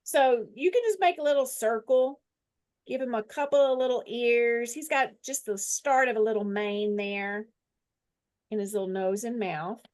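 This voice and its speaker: A woman teaching a Bible study, slowly dictating verses and guiding drawing with a friendly, self-deprecating manner. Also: fairly high pitch, darkish tone. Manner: slow, deliberate dictation, repeating phrases; friendly, laughs at herself. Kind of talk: guided scripture lesson with drawing.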